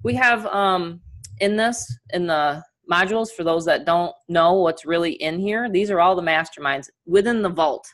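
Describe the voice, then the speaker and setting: A middle-aged woman with a New York accent who runs a live webinar from a video call. Her voice sits a little low, and she talks with plenty of energy, chatting freely and laughing as she walks her listeners through a training. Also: moderate pace. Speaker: online business coach.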